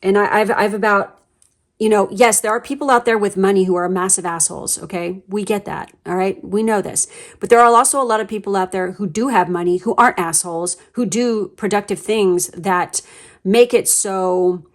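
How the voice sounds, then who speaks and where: A woman at a middle pitch talks through a pick-a-card tarot reading. Her delivery is blunt and emphatic, full of swearing and fillers. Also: moderate pace. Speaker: tarot reader.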